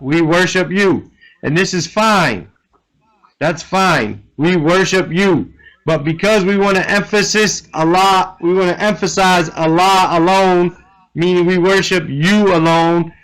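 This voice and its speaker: A man's voice: high voice, a little slow, fairly bright tone, low-quality recording. A man teaching Arabic grammar in an online class, explaining step by step and often checking in with "right?".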